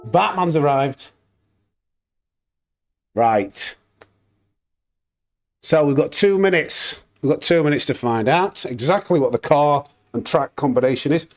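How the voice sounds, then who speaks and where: A man streaming sim racing, casually greeting viewers by name in quick bursts and joking about himself. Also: medium pitch. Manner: upbeat, greets chat names in quick bursts, self-mocking. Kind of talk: casual live-stream chat.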